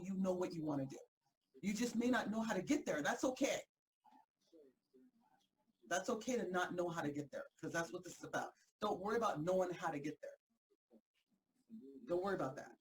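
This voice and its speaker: A woman hosting a motivational group talk, energetic and emphatic, repeating herself for effect and breaking easily into laughter. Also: fairly low pitch, low-quality recording. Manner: energetic, fired-up, emphatic repetition. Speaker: host and motivational coach.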